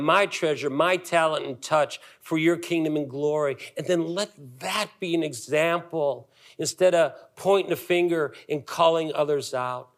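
A man in his fifties, a pastor delivering a sermon emphatically, with dramatic pauses and repetitions. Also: on the high side.

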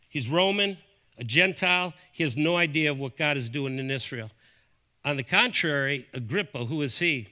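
A middle-aged man from Buffalo, New York, preaching a sermon, his voice rising and dropping sharply as he makes his points. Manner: animated preaching, rising and falling in pitch and volume. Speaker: pastor.

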